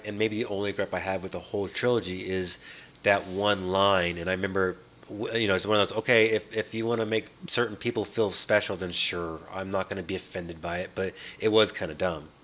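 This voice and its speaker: A man with a lowish, bright, forceful voice talks casually about films on a podcast. He rambles with plenty of fillers and restarts and slips into quick put-on voices for movie lines. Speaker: podcast host.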